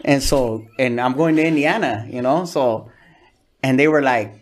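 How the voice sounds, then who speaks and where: A man's voice: on the high side, moderate pace, a bit bright. A man from California, a comedian telling stories in a casual interview, full of slang and swearing. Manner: slangy, profane, laid-back storytelling. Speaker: comedian guest.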